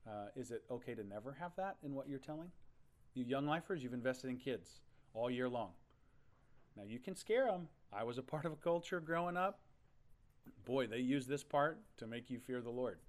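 A male pastor from Oklahoma, animated as he tells a story in his sermon and laughing now and then. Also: mid-range voice, normal speed.

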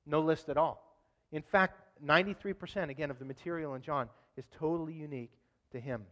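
A man's voice: fairly high pitch, a little fast. Man preaching in a reverberant hall. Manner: conversational, humorous, animated asides. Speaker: pastor. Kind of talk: sermon.

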